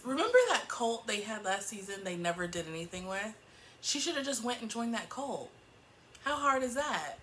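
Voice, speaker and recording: A woman rants through a TV episode recap, exasperated and swearing, often breaking into laughter. Her pitch swings wide and sits a little high. A faint hiss lies under the voice. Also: lively intonation, normal speed, fairly bright tone, low-quality recording. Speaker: book and TV reviewer. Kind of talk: casual recap review rant.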